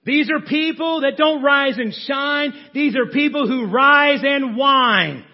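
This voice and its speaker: A man preaching a sermon as pastor, animated, mocking the complainers he acts out. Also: very high-pitched, takes it slowly, muffled recording. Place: church sanctuary.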